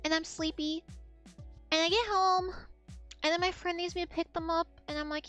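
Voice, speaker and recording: A woman's voice: extremely high pitch, moderate pace, pauses often, faint music behind. A woman streamer telling a long, rambling anecdote in casual chat, swearing freely and acting out what others said. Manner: rambling, animated anecdote with swearing and acted-out quotes.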